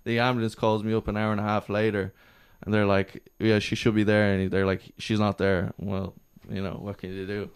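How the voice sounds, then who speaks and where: Smooth-voiced man telling a story. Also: on the low side, brisk, few pauses. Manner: animated storyteller acting out quotes. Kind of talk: casual chat, anecdote.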